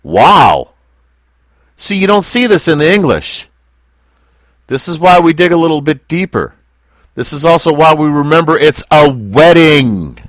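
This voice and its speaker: A man leads a Bible lesson with a lively, rising and falling voice. He speaks slowly and deliberately and often stops to ask his listeners questions. The sound is dry and close, with no room echo. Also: on the high side. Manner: slow, deliberate, asks the class questions. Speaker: Bible teacher. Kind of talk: Bible teaching to a small group.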